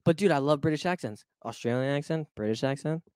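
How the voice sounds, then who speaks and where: A young man co-hosting a casual podcast, rambling and excitable, often trailing off mid-thought. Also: fairly high pitch, fast, smooth, dry recording, studio quality. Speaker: podcast co-host. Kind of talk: casual chat.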